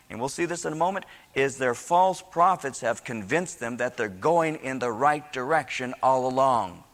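A man's voice: fairly high pitch, moderate pace, fairly bright tone. A male pastor preaching a sermon in a folksy way, with joking asides that turn into fervent preaching. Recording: long hall reverb.

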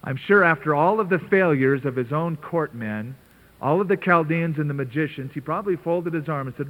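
Heard over thin, narrow-band radio, a man with a higher-pitched voice speaks a little fast. He's a pastor delivering a sermon earnestly and conversationally, throwing in emphatic asides.

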